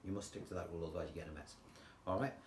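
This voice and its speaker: An older man with an English accent, teaching guitar in a chatty, relaxed way and counting rhythms aloud. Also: low voice, rapid-fire, a little hiss or hum. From England. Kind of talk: casual guitar tutorial. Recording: roomy sound with guitar playing.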